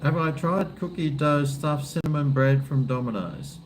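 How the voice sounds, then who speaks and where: A middle-aged man with an Australian accent chats casually and rambles between sips of beer. His talk is loose, jokey and full of swearing. A steady noise sits behind his voice. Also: on the high side, normal speed. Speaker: live-stream host. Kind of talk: casual chat while drinking beer.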